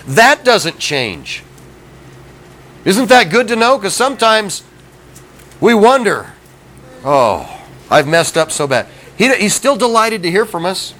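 A middle-aged man with a high, bright voice and a forceful tone preaches in a folksy, conversational manner, regularly asking his listeners questions. The recording is rough, with faint background noise.

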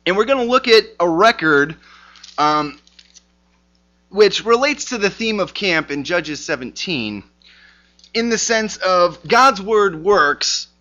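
A man's voice: high-pitched, lively intonation, takes it slowly, pushed and bright. A man teaching a sermon, explaining scripture and reading verses aloud. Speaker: Bible teacher. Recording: dull lo-fi recording.

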